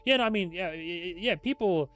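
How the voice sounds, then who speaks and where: A man hosting a casual livestream chat as a TV show reviewer, rambling and joking, quick to laugh. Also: sits high, fairly bright tone. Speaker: YouTube host, TV show reviewer.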